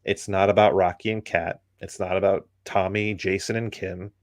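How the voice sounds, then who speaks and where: A man's voice: sits low, little pitch movement, normal speed, no echo, clean studio sound. A man in casual chat, giving an opinionated critique full of ums and likes. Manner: rambling, many ums and likes.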